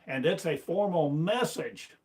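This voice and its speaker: A man preaching a sermon as a spiritual teacher, slow and declamatory, firing off one rhetorical question after another. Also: fairly high pitch, expressive, darkish tone. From United States.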